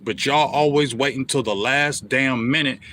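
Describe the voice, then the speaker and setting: A man with a bright, forceful voice rants in fan commentary, repeating his points and pushing back hard. His pitch sits in a middle range for a man. Faint noise hums under the recording. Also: moderate pace. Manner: heated, repetitive, talks straight at the team bosses. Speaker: sports show host.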